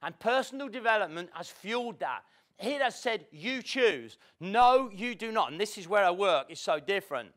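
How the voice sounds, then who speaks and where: High bright-voiced guy doing a motivational seminar, swoops all over, acts out people. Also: moderate pace. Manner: animated, playful, acts out the people he quotes. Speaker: motivational speaker. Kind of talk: live seminar talk to an audience. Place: event room with an audience.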